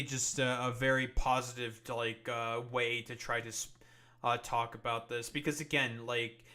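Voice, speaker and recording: A man's voice: medium pitch, bright, forceful tone. A man streaming political commentary, ranting angrily with heavy swearing and many fillers. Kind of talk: profane livestream commentary.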